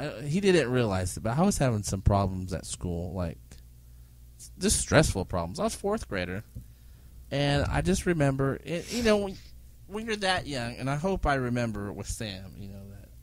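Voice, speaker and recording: Man, casual podcast chat, animated storyteller, lively pitch. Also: moderate pace. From United States. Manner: animated storyteller, mimics relatives with laughter.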